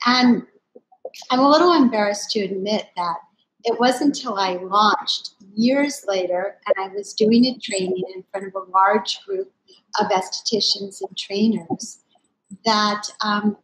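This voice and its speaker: An older woman in her sixties speaks in a mid-range voice, warmly animated as she recounts a personal story. She is a founder telling how her work began. Her delivery is conversational and expressive. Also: medium pitch, measured pace, poor audio. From United States. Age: 60s. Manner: animated, expressive storyteller who acts out family quotes. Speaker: company founder speaking at a summit.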